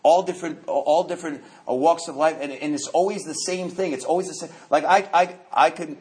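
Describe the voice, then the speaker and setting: A new guy from New York speaks at a recovery meeting, telling his story of recovery briskly in a higher-pitched voice. Lively and jokey, he repeats words whenever he starts over.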